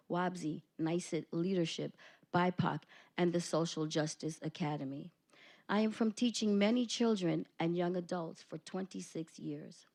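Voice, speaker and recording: A woman's voice: lowish voice, darkish tone. A woman, a teacher, reads her own poem with rhythmic emphasis at a school board meeting, then introduces student poets. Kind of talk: poetry reading and meeting remarks.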